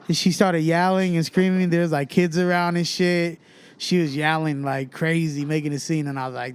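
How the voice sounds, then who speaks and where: A man's voice: a little high, normal speed, clear, resonant tone. A young adult man from Fresno, a rapper guest telling a story in casual chat and acting out the people in it. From Fresno, California. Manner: animated storyteller who acts out other people's voices.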